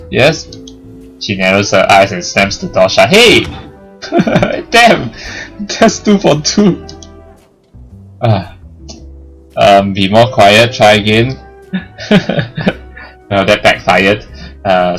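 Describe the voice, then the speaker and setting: Joking man reading a game aloud. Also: lowish voice. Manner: joking, laughs at the story, gets loud when excited. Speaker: let's play host. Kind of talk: reading game text aloud with casual commentary.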